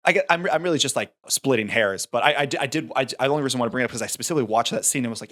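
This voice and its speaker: A man's voice: mid-range voice, racing, hardly any pauses, a bit bright. A man co-hosting a movie podcast, talking things through in a thoughtful, rambling way with restarts. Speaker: podcast co-host. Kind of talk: casual film discussion.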